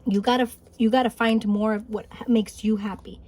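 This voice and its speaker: A woman giving a spiritual pick-a-card reading, gentle and encouraging, thinking aloud with small restarts. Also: medium pitch, fairly even intonation, normal speed. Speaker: tarot card reader. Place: home, Highland Park, California.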